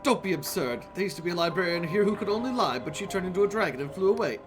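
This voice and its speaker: A man's voice: high-pitched, lively intonation, fast talker, music in the background, voice pushed up. A man voicing a prim, flustered woman librarian in a video game, sweet and evasive, calling people dearie. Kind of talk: reading game dialogue aloud.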